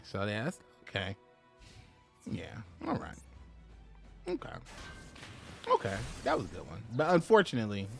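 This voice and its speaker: Casting: lively male streamer, animated swings in pitch, chatty and joking, faint music underneath. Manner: animated, laughing, chatty with chat viewers. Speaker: game streamer. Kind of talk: live gameplay commentary.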